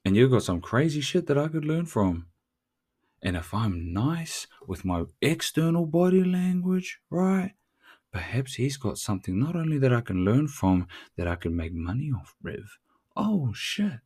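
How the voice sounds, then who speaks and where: A man's voice: mid-range voice, warm tone, husky. A man hosting a motivational podcast, brash and profane, full of street slang. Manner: brash, swearing, street slang, calls listener "bruv".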